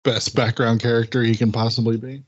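A man's voice: mid-range voice, flat delivery, fairly quick. A man in a casual movie chat, chiming in with brief remarks. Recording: dull lo-fi sound.

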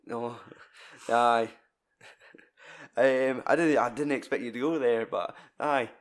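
A Scottish man co-hosting a podcast talks casually about a film at a slow pace in a medium-pitched voice. He swears freely and animatedly acts out scenes, shouting the characters' lines.

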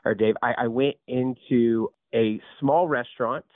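A man in his thirties, a company founder telling his story as a podcast guest, animated and full of restarts and repeated words. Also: medium pitch, measured pace, no room sound. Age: 30s. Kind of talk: casual storytelling interview. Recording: tinny phone-like line, dry.

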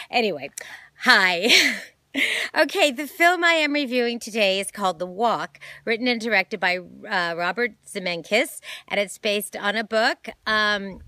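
A woman's voice: mid-range voice, unhurried, bright, forceful tone, dry recording. A woman hosting a casual film review vlog, chatty and rambling, with many fillers, self-corrections and gushing enthusiasm. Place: home, holding a dog.

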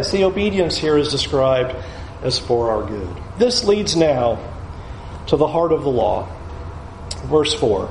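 A man's voice: medium pitch, very animated, a little slow, vocal fry, long pauses, a little mellow, reverberant, a little hiss or hum, poor audio. A man preaching a sermon as a pastor, emphatic, repeating key phrases for stress.

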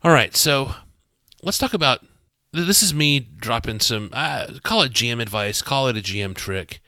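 A man talking as game master on a podcast, animated and full of restarts, acting out quotes as he recaps a session. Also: mid-range voice, moderate pace, dry recording. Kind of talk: podcast discussion.

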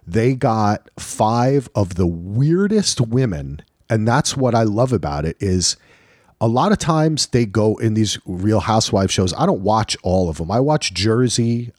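Low-voiced man in casual podcast chat. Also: no echo, studio quality. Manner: animated, acts out quick street exchanges. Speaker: podcast co-host.

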